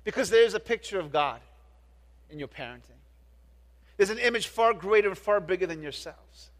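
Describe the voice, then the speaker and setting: Middle-aged pastor guy preaching, kinda high voice, earnest, lots of restarts, big echoey hall. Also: expressive, fairly quick. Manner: earnest, often restarts words and asks the congregation questions. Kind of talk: sermon. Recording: long reverb of a large hall.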